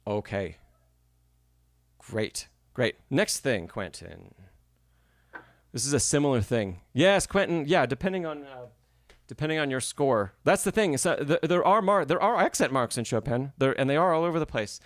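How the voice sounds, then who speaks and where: A man's voice: mid-range voice, lively intonation, normal speed, no echo, clean studio sound. A man teaching piano in a live masterclass, explaining phrasing patiently and checking in often with the student. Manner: patient, explanatory, frequent "right?" and "yes?" check-ins. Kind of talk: live-streamed masterclass feedback.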